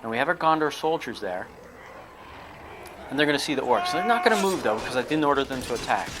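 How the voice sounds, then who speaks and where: A man's voice: mid-range voice, lively intonation, quick pace. Enthusiastic man narrating game footage, noisy. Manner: enthusiastic, punchy exclamations. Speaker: game developer presenting footage. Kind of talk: casual narration over gameplay footage. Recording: loud background noise.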